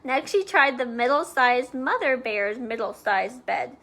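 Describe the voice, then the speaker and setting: A woman reading a storybook aloud to children, with playful chatty asides and soft whispers. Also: high-pitched, very animated, measured pace, hardly any pauses, a little hiss or hum.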